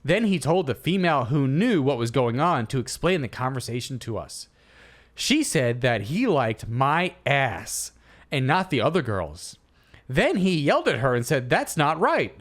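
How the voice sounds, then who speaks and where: Reading out a listener's post, a male comedy podcast co-host then argues his position in a playful, animated way. He speaks with a mid-range voice at a moderate pace.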